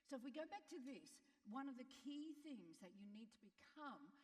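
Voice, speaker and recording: Female keynote speaker, upbeat and playful, higher voice, live hall reverb. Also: moderate pace. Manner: animated, coaxing and playful with the crowd. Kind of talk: motivational keynote to an audience. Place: large conference hall.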